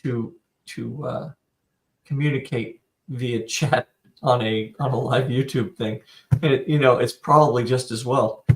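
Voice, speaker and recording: A man's voice: medium pitch, fairly even intonation, a little slow. Easygoing man teasing his co-host. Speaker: podcast co-host. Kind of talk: casual chat.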